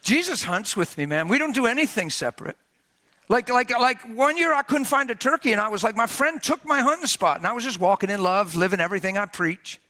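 A man preaching a sermon, telling a story in an animated, jokey way and often exclaiming. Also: sits high, fairly quick.

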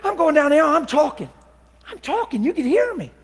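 A man preaching a testimony sermon, moving between hushed confiding and loud, excited preaching. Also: extremely high pitch, a little fast. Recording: long reverberant hall.

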